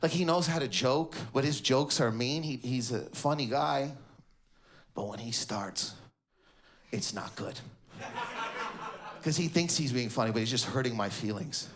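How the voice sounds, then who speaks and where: A man from Canada doing a stand-up set on stage, animated and loud, jumping into impressions of his family. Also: medium pitch, unhurried, long pauses. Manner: animated, shouts punchlines, slips into impressions of family. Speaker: stand-up comedian. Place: comedy stage before a live audience. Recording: live show with loud crowd laughter.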